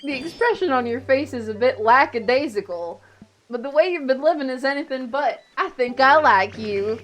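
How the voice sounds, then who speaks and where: A woman voicing a sleepy, folksy male sea-serpent Pokemon with a put-on American Southern drawl and deliberate voice cracks. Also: sits high, animated, fairly bright tone. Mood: friendly.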